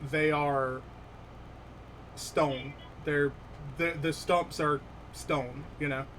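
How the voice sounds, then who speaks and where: A man running a tabletop session as game master, narrating slowly with many pauses and fillers. His voice sits slightly high, with a faint hiss in the background. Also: steady tone, a bit bright, poor audio. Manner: hesitant, filler-heavy narration.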